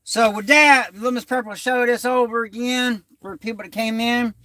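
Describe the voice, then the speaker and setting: High, bright-toned man rambling. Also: fairly even intonation, moderate pace, dry recording. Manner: loose, rambling storytelling in Southern-style slang. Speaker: channel host. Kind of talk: casual talk to camera.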